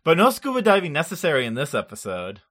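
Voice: mid-range voice, huge pitch swings, fast talker, fairly bright tone. Laid-back rambling podcast host. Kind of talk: casual chat.

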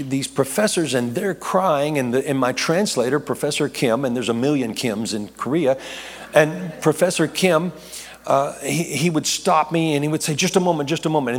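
A man preaching, telling a personal story with jokes, restarts and repeated words. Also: a little high. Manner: animated, rambling with repeated restarts, jokey asides. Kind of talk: storytelling sermon. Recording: long reverb of a large hall.

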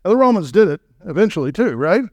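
A man giving a sermon as guest preacher, asking rhetorical questions and swinging from low murmurs to raised exclamations. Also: very animated, fast talker, darkish tone, dry recording.

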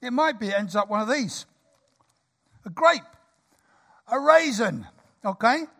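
Bright, high-voiced man in his sixties preaching. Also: unhurried. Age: 60s. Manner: lively, jokey, conversational. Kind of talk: sermon.

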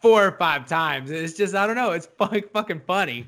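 A man co-hosting a podcast in casual chat, animated and swearing, laughing often as he talks. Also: high-pitched, a little fast. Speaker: podcast co-host.

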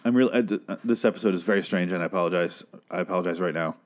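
A man's voice: low voice, rapid-fire. A man hosting a podcast who delivers an exasperated, heavily profane comedic rant and keeps breaking off to apologize. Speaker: podcast host.

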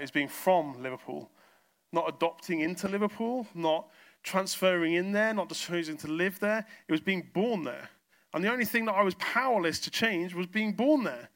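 A man's voice: high-pitched, a bit bright. A man from the south coast of England, a pastor preaching a sermon in church and telling stories with acted-out exchanges. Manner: storytelling, acts out exchanges in quoted voices.

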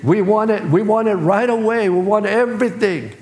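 This pastor's sermon rings through an echoey church hall, delivered at normal speed in a high-pitched, slightly mellow male voice. Standing in the sanctuary, he keeps his language plain and colloquial and acts out different voices.

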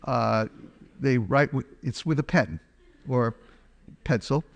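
A man's voice: medium pitch, slow pace, gravelly. Humorous man telling a testimony in a hall. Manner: storytelling, chatty and humorous. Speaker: speaker giving a testimony. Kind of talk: personal testimony sermon. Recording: long hall reverb.

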